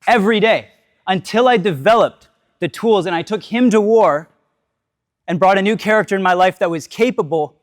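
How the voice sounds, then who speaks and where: A man's voice: sits high, no room sound, studio quality. A man giving a candid motivational talk to a live audience, telling his story, swearing freely, asking questions and tagging lines with "right?".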